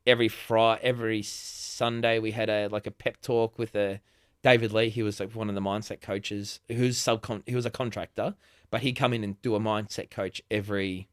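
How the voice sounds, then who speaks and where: A man's voice: fairly low pitch, little pitch movement, moderate pace, clear, resonant tone, no echo, clean studio sound. A chatty Australian man in his forties, a podcast guest who talks casually, laughs often and restarts his sentences. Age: 40s. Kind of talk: casual conversation.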